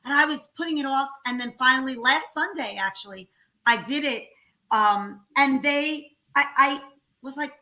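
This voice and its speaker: Woman chef guest, upbeat and enthusiastic; high, bright voice. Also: normal speed, low-quality recording. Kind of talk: casual chat.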